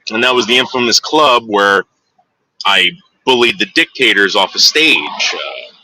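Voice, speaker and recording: Man, 40s, crude rambling storyteller, bright lively voice, dry sound. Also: on the low side, a little slow, no room sound, rough recording. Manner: rambling, crude, digressive, frequent fillers. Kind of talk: rambling anecdote.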